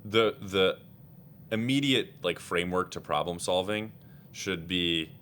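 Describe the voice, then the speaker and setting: A man with a very low voice talks as a guest on a casual podcast. He rambles eagerly, circling back with "like" and half-finished words. A faint rumble runs underneath. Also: measured pace. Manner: energetic, rambling, filler-heavy. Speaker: guest, executive director. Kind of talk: casual interview chat.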